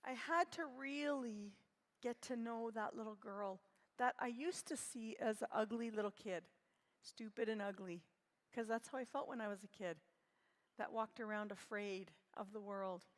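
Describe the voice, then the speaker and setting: Woman, 60s, gentle reflective speaker; high-ish voice, reverberant hall. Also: moderate pace. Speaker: conference speaker. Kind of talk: personal talk at a conference.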